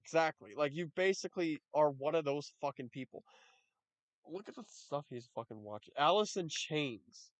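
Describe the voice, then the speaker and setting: A man's voice: a little high, lively intonation, moderate pace, no room sound. Profane mocking male commentator. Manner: profane, mocking and exasperated, with frequent laughs. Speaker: YouTube commentator. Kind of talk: reaction commentary.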